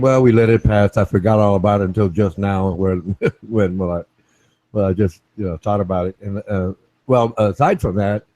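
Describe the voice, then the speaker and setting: A man's voice: lowish voice, mellow, no echo. A man hosting a casual online chat, rambling with many restarts and tag questions like "right?". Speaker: show host.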